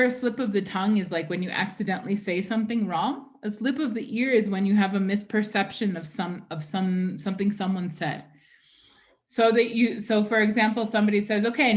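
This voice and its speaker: Woman teacher who keeps asking "right?". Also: medium pitch. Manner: keeps checking in with "right?" and "okay?"; patient, explaining step by step. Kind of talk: online class lecture.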